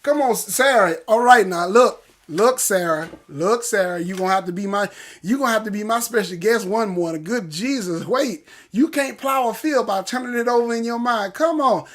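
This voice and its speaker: A man hosting a casual morning livestream, greeting viewers and breaking into animated preaching. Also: high-pitched, moderate pace. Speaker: livestream host.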